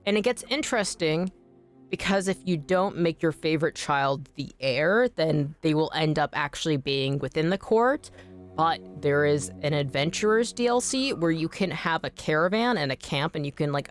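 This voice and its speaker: A woman streamer chatting casually while playing a game, rambling with many fillers, swearing freely and breaking into sudden excited outbursts. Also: low voice. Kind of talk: casual live gameplay chat.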